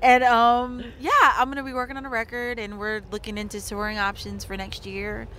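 A country singer, chatting earnestly and excitedly as an interview guest backstage at a festival. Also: female voice, mid-range voice, fast, slight background noise. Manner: bubbly and earnest, with filler words like "like". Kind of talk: casual interview chat.

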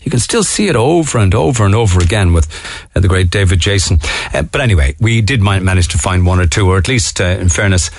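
A man hosts a morning radio show in a low, relaxed voice. He rambles from story to story with jokey asides. The studio sound is dry and close. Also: fast, gravelly, dry recording. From Ireland. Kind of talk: casual radio chat. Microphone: studio microphone.

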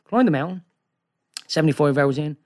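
A man in casual conversation tells a sprawling story in a slightly raised voice. He rambles and gets excited, tossing in "right?" again and again as he goes. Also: a little high, a little fast. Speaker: guest. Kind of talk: animated storytelling in casual chat.

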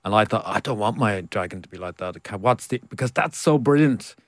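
A man's voice: on the low side, expressive, brisk, dry recording, studio quality. A middle-aged man, an author chatting in an interview and telling self-deprecating stories with frequent laughs. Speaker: author guest. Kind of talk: casual interview chat.

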